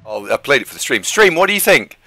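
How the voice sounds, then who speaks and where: This man has a bright, sharp voice that swings widely in pitch. He commentates casually on his game for a live stream and reacts in an excitable, playful way. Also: fast, no room sound, faint music behind.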